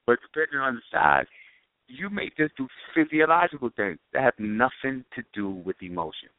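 A man's voice: mid-range voice, big pitch swings, normal speed, no room sound. A man co-hosting a radio talk show, joking and teasing in casual banter. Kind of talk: casual chat. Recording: dry phone-line sound.

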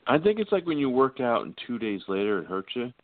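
A man's voice: mid-range voice, very animated, fast, dry recording. A man co-hosting a casual sports talk show who speaks thoughtfully, with fillers. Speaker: podcast co-host. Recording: tinny phone-line sound, dry.

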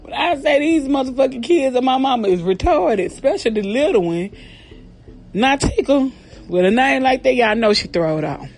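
A woman hosting a comedy podcast, telling a family story in a profane, slangy, animated way while out of breath. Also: sits high, normal speed. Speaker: podcast host. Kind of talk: comic storytelling.

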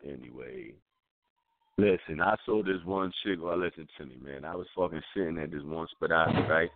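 A man's voice: extremely low pitch, moderate pace. A man co-hosting a call-in talk show, blunt and repetitive, talking in street slang. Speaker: co-host. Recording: tinny phone line.

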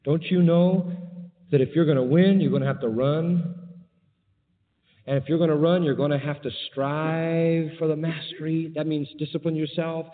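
Man, preacher, sermon, emphatic, sarcastic quoting, slightly high voice, long hall reverb. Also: fairly even intonation, normal speed, narrow, tinny audio. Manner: emphatic, sarcastic quoting with big pitch jumps.

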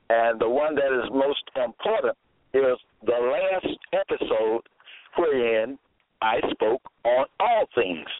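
Slow-talking man on a tinny phone line. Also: medium pitch, no echo. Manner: deliberate and halting, with many fillers and repeated phrases. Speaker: preacher presenting his own episodes. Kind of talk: slow solo sermon reading scripture aloud.

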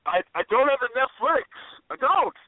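High playful man on a dry phone line. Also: big pitch swings, normal speed, no room sound. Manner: playful, spins silly riffs. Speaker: radio show co-host. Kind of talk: casual comedic chat.

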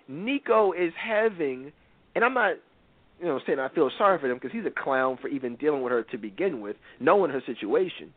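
A man's voice: a little high, dry recording. A man hosting a radio talk show, giving blunt, preachy, emphatic commentary. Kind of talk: opinionated commentary on reality TV. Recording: tinny phone-like radio sound.

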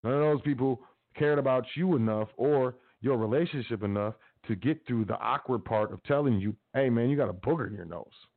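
A man's voice: medium pitch, fairly quick, hardly any pauses. Man preaching casually over a tinny line. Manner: casual, preachy, repetitive urging. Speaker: podcast host. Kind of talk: motivational talk. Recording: tinny phone-like audio.

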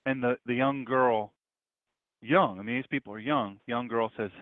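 A pastor telling a story in a sermon, his voice swinging between loud stretches and hushed ones. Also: medium pitch, normal speed, no echo, phone-quality sound.

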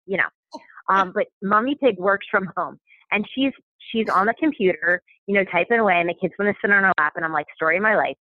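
A woman's voice: mid-range voice, a little fast, no room sound. A woman chatting casually as a podcast guest, rambling with many fillers and restarts. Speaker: podcast guest, stay-at-home mom. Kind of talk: casual chat. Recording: dry tinny phone-like sound.

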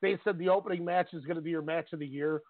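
A man's voice: on the high side, fairly even intonation, quick pace, dry recording. A man co-hosting a sports radio show, giving strong opinions on wrestling and laughing easily. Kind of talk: casual wrestling talk. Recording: tinny phone-line sound.

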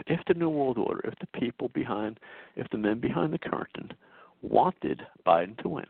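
A man's voice: medium pitch, expressive, moderate pace, creaky, breathy edge, no room sound. A male host giving an insistent political commentary monologue, full of stammering restarts. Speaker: talk show host. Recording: dry tinny phone-like sound.

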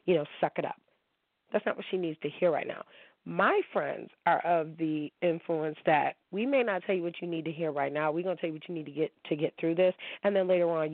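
A woman's voice: sits low, dry recording. A woman hosting a casual monologue, talking in a blunt, profane and heated way. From Kalamazoo, Michigan. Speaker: show host. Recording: tinny phone-like sound, dry.

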